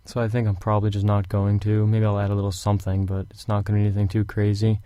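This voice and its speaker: A man's voice: fairly low pitch, quick pace, clear, resonant tone, no room sound, lo-fi sound. A young man recording a home audiobook of a fantasy novel, chatting casually before reading steadily. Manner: casual rambling intro, then steady reading. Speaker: audiobook reader. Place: hot room at home.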